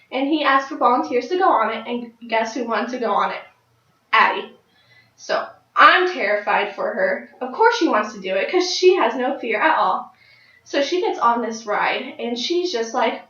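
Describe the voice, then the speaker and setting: Young woman of nineteen, fairly high voice, giving a personal story speech, recorded from afar with a muffled sound. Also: normal speed. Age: late teens. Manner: lively storytelling with high excited jumps. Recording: dull, roomy sound from a distant mic.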